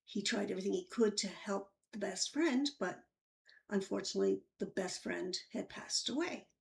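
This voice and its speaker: A woman's voice: mid-range voice, moderate pace, gravelly, a little hiss or hum. A woman, a former intensive care nurse, telling a personal story and acting out the dialogue in it. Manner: animated retelling with acted dialogue.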